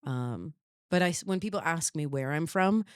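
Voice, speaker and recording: Woman host in her thirties, faint Midwest vowels, lowish voice, dry close sound; chatty and anecdotal, full of restarts. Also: lively intonation, normal speed, clean tone, no room sound. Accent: faint Upper Midwest. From Wisconsin, US Midwest. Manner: chatty, storytelling, many fillers and restarts. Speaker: podcast host. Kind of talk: casual chat.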